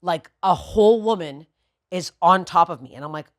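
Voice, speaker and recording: A woman co-hosting a podcast, telling a story in a profane, animated way that swings from low muttering to loud bursts. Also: normal speed, no echo, studio quality. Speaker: podcast co-host. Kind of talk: storytelling in casual podcast chat.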